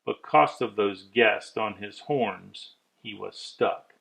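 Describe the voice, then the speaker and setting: Slow man reading a rhyming storybook. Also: on the low side, creaky, low-quality recording. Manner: measured, expressive rhyming delivery. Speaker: reader of a children's story. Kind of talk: rhyming storybook read-aloud.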